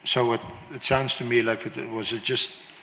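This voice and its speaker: A man questions a witness at a hearing, feeling his way with slow, deliberate phrasing. His voice has a sharp, bright edge, and a long reverb from the hall follows it. His pitch sits in the middle. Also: level tone, slight background noise. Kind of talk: formal questioning. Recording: hall reverb, played inside a reaction stream.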